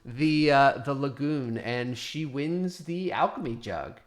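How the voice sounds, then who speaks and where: A man narrating as game master of a tabletop game, relaxed and filler-heavy, adding little sound effects. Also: mid-range voice, slow.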